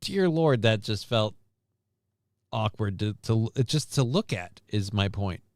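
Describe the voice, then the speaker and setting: A man's voice: on the low side, expressive, unhurried, no echo, clean studio sound. A man hosting a live stream, riffing sarcastically and rambling through news stories in casual commentary.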